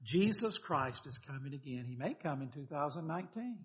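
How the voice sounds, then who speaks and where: Older male preacher, folksy sermon delivery, animated and questioning, a touch higher-pitched than most men. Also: moderate pace.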